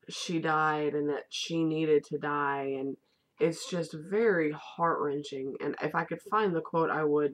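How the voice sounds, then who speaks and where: A woman vlogger in casual, rambling chat reviewing a favorite movie, with the odd casual swear. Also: sits low.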